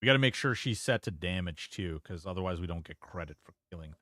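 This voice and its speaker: Low-voiced rambling male streamer. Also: expressive, fast, a bit bright, no echo, studio quality. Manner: rambling, reactive, swears freely. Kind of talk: casual live-stream gameplay commentary.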